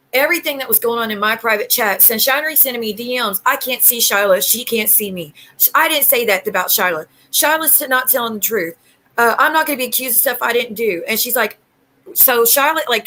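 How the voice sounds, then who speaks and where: Bright-voiced woman ranting on stream. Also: fairly high pitch, poor audio. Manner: aggrieved, rambling storytelling with quoted exchanges. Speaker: YouTube livestream host. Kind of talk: casual ranting livestream talk.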